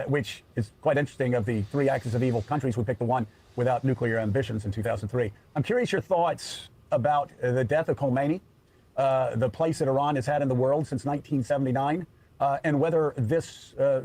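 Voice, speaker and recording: Fast-talking male TV host. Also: mid-range voice, mellow. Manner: long winding questions with many fillers. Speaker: TV morning show host. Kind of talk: broadcast interview question. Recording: played from a TV broadcast.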